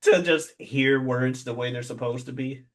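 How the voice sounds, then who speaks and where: A young man with a St. Louis accent, chatting on a podcast. His pitch sits in the middle for a man, and he tells stories with lively mimicry, slipping into other people's voices and cursing casually. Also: moderate pace. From St. Louis, Missouri. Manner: animated, acts out quoted people, swears freely. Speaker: podcast co-host. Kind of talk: casual storytelling chat.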